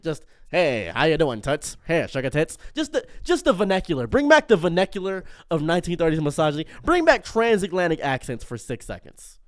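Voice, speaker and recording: Animated man riffing in an unscripted commentary. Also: on the high side, no echo. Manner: animated, tangent-prone, self-interrupting. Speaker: streamer and commentary host.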